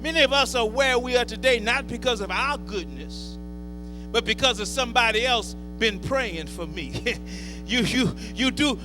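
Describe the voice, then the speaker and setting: A male pastor, preaching a call-and-response sermon that swells into shouts. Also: very high-pitched. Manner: preaching with rising shouts and drawn-out words. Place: church. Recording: hall reverb with faint music and hum.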